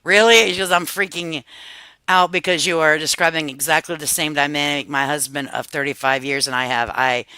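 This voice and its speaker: A woman's voice: low voice, pushed and bright, no echo, poor audio. A woman in her fifties chatting casually on a livestream, telling family stories with a lot of cursing and laughter. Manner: profane, laughing storyteller. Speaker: livestream host.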